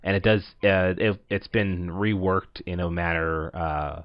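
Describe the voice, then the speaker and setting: A man's voice: deep voice, steady tone, unhurried, no echo. A man hosting a let's play, giving casual, rambling commentary full of filler words over his game. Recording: dull lo-fi dry voice recording.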